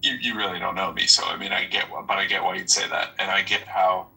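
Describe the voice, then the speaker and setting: A man hosting a casual online chat, talking haltingly and often repeating his words. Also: low-pitched, steady tone, gravelly, sharp tone, far from the mic, low-quality recording.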